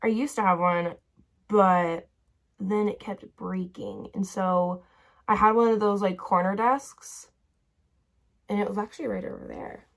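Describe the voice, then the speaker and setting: A woman's voice: mid-range voice, fairly even intonation, unhurried, vocal fry, long pauses. Chatty young woman rambling at her vanity. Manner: rambling, chatty, full of "like" fillers, drifts into tangents. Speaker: vlogger. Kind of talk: casual storytime chat while doing makeup. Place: bedroom vanity lit by a ring light.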